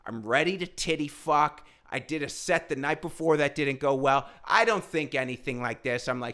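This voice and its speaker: A man who is a stand-up comedian, telling a rambling, profane story in a casual, animated way. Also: medium pitch, a little fast, hardly any pauses.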